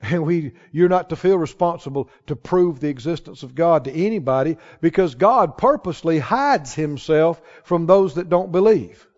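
A male pastor preaching a sermon to a congregation, emphatic and rising to shouts on key lines. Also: on the high side, lively intonation, normal speed, hardly any pauses. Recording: dull sound with long hall reverb.

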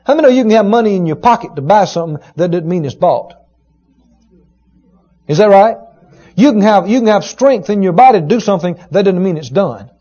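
A man preaching a sermon, retelling a story with emphatic, dramatic rising shouts. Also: sits high, expressive, brisk. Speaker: pastor. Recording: dull lo-fi sermon recording.

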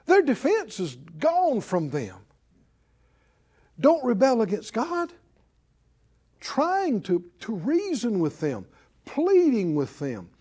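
A middle-aged man teaching a sermon, animated, acting out little voices and swinging between loud and soft. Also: extremely high pitch, takes it slowly, pauses often, slightly rough. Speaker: Bible teacher.

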